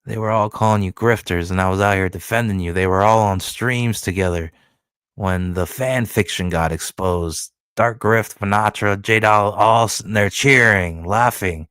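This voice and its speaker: A man's voice: fairly low pitch, normal speed, fairly bright tone, clean tone, no room sound. A man streaming commentary who rants angrily and profanely, hurling insults and repeating himself. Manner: angry, profane, insulting, repetitive.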